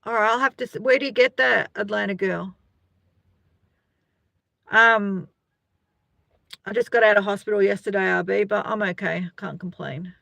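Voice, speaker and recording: This middle-aged Australian woman rambles casually on her live stream, greeting viewers by name as she reads out their comments. Her voice is medium-pitched, creaky and sharp in tone, at a moderate pace with frequent pauses, on a dry recording.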